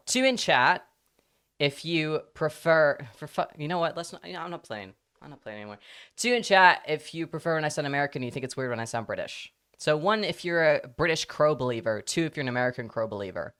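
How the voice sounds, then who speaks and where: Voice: medium pitch, expressive, moderate pace, fairly bright tone, clear, resonant tone. A livestreamer chatting casually with viewers, joking, swearing freely and slipping between accents. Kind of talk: casual live-stream chat.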